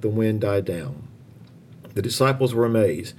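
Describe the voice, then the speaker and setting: A man reading a children's Bible story aloud in an expressive, lively way. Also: fairly low pitch, normal speed, a little hiss or hum.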